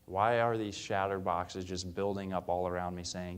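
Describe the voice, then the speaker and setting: Young male preacher, deep low voice, earnest conversational sermon delivery. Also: fairly even intonation, moderate pace, smooth. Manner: earnest, conversational storytelling with fillers. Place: church.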